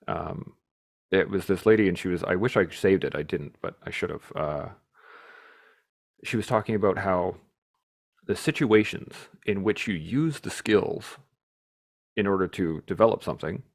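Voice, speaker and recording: A man hosting a podcast, telling stories in a casual, animated way, swearing freely and laughing as he talks. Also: low-pitched, gravelly. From Canada. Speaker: podcast host. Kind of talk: casual storytelling chat.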